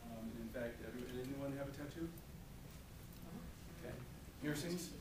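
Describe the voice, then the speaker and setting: A man's voice: mid-range voice, normal speed. A man explaining health facts to an audience in an informal way, with frequent fillers. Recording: echoey room, distant mic, audible noise.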